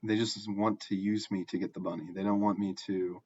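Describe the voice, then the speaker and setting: Low-voiced young man, halting casual story. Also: flat delivery, darkish tone, lo-fi sound. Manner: halting, self-correcting, frequent fillers.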